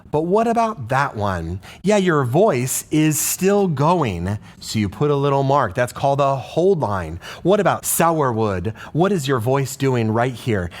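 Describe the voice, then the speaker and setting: A man's voice: on the high side, very animated, measured pace, hardly any pauses. A man teaching a music lesson to camera, chanting rhythm syllables and singing short song phrases with enthusiasm.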